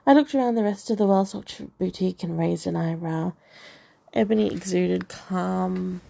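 A woman's voice: lowish voice, moderate pace, gravelly, dark tone. A woman narrating a first-person novel aloud with wry, dry humour. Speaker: audiobook narrator.

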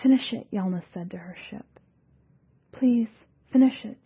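A woman's voice: a little high, very animated, moderate pace, husky, pitched above the performer's own voice, exaggerated voice. A woman reading an audiobook voices a desperate, wounded female starship pilot protecting her unborn daughter, with pleading, strained lines. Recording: tinny phone-like audio.

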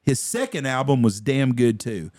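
A man, a podcast host telling a profane, animated story in casual chat. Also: medium pitch, normal speed, no room sound, clean studio sound. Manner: profane, animated storyteller who acts out quotes.

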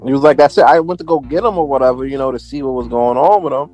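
A man's voice: mid-range voice, racing, darkish tone, faint music behind. Laid-back New man, slangy storyteller. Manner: laid-back, slangy, many "you know what I'm saying" fillers. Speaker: interview guest, music producer. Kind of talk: casual storytelling chat.

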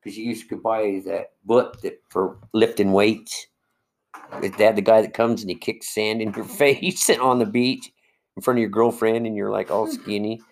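Older male guest, low voice, tells stories. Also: steady tone, normal speed. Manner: storytelling, explaining old facts. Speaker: guest, co-host's father. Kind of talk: casual podcast chat.

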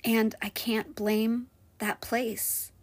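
A woman and restaurant server, candidly telling a personal story in a vlog, swinging between loud frustration and hushed, quiet moments. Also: fairly high pitch, little pitch movement, drawn-out words.

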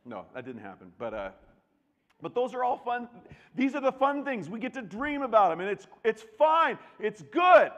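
A middle-aged man preaching a sermon, telling a story with lively acted-out voices. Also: extremely high pitch, normal speed. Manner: animated storytelling, acts out voices. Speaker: pastor. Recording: long reverb of a large hall.

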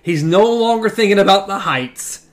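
A man's voice: sits high, expressive, normal speed. A man co-hosting a podcast, reading a novel aloud and reacting enthusiastically. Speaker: podcast co-host.

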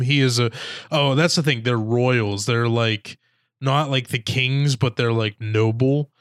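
A man's voice: mid-range voice, fairly even intonation, unhurried, fairly bright tone, no echo, clean studio sound. A man in casual chat reviewing a movie, rambling with lots of "like" and mock-quoting characters. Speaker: podcast co-host.

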